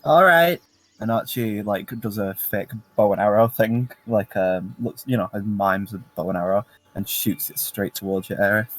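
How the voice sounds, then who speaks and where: A man's voice: lowish voice, fairly even intonation, normal speed, hardly any pauses, poor audio. A man describing his character's actions in a tabletop game, loose and chuckling. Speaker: player.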